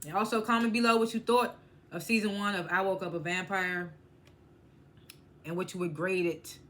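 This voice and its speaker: A woman's voice: on the low side, steady tone, moderate pace, fairly bright tone, slight background noise. Woman casually recapping a show, fumbling words. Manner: fumbling, restarts words often; laughs often while retelling. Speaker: TV show reviewer. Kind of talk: casual spoiler recap and review.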